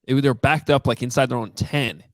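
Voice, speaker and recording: A man's voice: mid-range voice, fairly even intonation, a little fast, no room sound, studio quality. A man co-hosting a sports podcast in casual, chatty talk, often restarting his sentences. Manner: chatty, many restarts and fillers. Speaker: podcast co-host.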